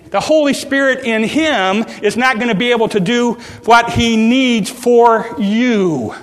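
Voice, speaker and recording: High-voiced preacher in an echoing hall. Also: male voice, a bit bright. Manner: folksy and humorous, acting out little scenes. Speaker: pastor. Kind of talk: sermon.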